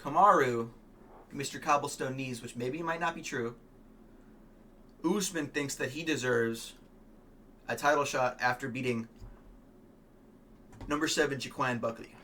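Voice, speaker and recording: A man giving casual, rambling, opinionated fight commentary, swearing often and filling pauses with ums. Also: medium pitch, sharp tone, slight background noise. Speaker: MMA fan vlogger.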